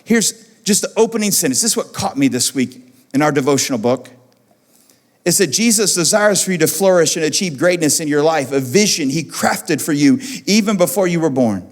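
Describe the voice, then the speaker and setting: Man, pastor, lively high-pitched sermon voice, repeats lines for emphasis, long hall reverb. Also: fairly quick. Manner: animated, repeats phrases for emphasis. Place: church auditorium.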